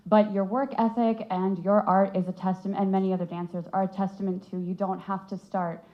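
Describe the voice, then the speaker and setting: A woman's voice: medium pitch, level tone, a little fast, highs cut off. A woman in the audience at a film Q&A, a dancer herself, asking long questions politely and earnestly.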